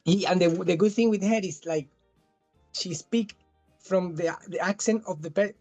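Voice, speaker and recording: A man's voice: high voice, moderate pace, darkish tone, faint music behind. A man in his thirties from southern Spain with a thick Spanish accent, chatting as a guest in a casual interview, often restarting and repeating words.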